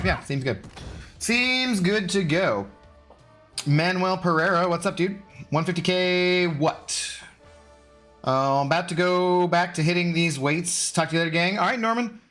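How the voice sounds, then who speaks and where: A man's voice: sits high, fairly bright tone. A man casually chatting with viewers while live-streaming a mobile game, greeting them by name.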